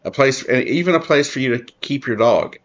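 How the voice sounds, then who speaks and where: A political commentary host reads an article aloud on his own show, adding earnest remarks in a halting way, full of fillers and restarted sentences. His medium-pitched voice is animated and a bit bright, and the recording's highs are cut off.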